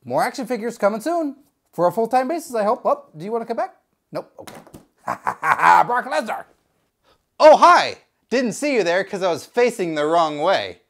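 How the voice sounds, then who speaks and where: A man's voice: sits high, big pitch swings, a little fast. A man hosting a comedic unboxing video, talking in a goofy, jokey, rambling way. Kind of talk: casual comedic unboxing chat.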